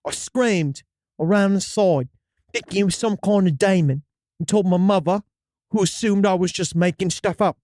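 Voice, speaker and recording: Man doing an English-accented storyteller, high and dry, earnest and dramatic. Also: normal speed, darkish tone, no echo, natural voice. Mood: spooky storytelling. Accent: put-on English accent. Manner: storyteller, slipping into dramatic outbursts. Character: man telling a childhood Mothman sighting. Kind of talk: reading a listener story aloud.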